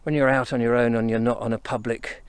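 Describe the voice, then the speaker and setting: Fast and smooth, in a level mid-range voice with no echo, an English walker talks to his camera as he makes his way along country footpaths. The chat is casual and rambling, slightly out of breath, as he thinks aloud. He uses a tripod-mounted camera that he sets up and carries with him.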